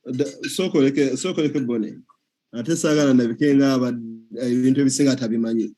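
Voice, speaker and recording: A man's voice: mid-range voice, steady tone, fast, warm tone. A man hosting the talk, questioning his guest in a teasing, playful way. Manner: questioning, teasing, laughs often. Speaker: host. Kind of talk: casual interview chat.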